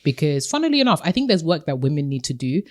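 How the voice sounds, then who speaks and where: A woman's voice: low voice, sing-song, quick pace, a little mellow. A woman co-hosting a casual podcast chat, teasing and emphatic. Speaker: podcast co-host.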